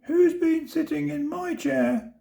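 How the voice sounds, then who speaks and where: A teeny tiny baby bear squeaks in a small, very high voice, as a man reading a storybook puts him on. The pitch leaps far above the reader's own, thin and little. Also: slow pace, gravelly, warm tone, heavily acted. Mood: squeaky.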